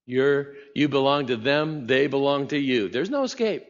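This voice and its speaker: A man's voice: medium pitch, expressive, moderate pace. A man preaching a sermon as a pastor, talking conversationally and asking the congregation rhetorical questions. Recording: muffled sound in a reverberant hall.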